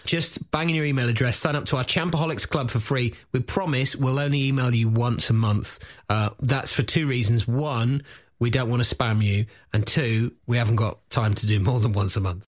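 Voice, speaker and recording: A man's voice: mid-range voice, steady tone. A man co-hosting a comedy podcast, teasing his partner and plugging a gig in casual banter. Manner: playful, teasing, quick plugs.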